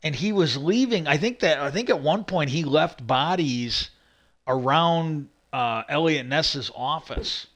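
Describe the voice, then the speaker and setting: A man's voice: fairly high pitch, unhurried, a bit bright. A man hosting a livestream, casually rambling through stories with many fillers and restarts. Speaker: livestream host.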